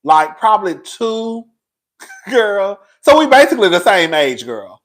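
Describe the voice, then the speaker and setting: A man's voice: high-pitched, big pitch swings, measured pace, fairly bright tone. A man in his forties hosting his own commentary channel, talking to viewers in a sassy, emotional, gossipy casual chat. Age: 40s.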